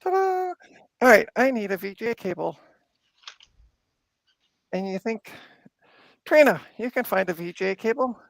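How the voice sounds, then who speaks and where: A Canadian woman hosts a casual live stream from her home workbench, chatting playfully while narrating her tinkering. Her voice is a little high, with big pitch swings, normal speed, vocal fry, and frequent pauses, and there is no room sound.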